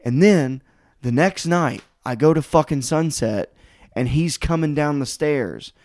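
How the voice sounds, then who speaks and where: A man hosting a podcast, telling a story in casual chat, animated and swearing, full of "like" fillers as he acts out what people said. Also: on the high side, unhurried.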